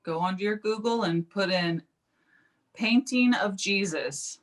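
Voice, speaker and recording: A woman's voice: mid-range voice, a little slow. A woman, a psychic medium, telling a personal story in an interview and acting out the quoted speech. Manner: animated, acts out quoted speech.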